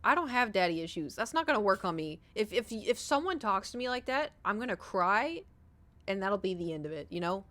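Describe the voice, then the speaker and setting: At medium pitch and a slightly quick pace, a woman chats casually during a gaming stream. Expect rambling, swearing, and animated anecdotes.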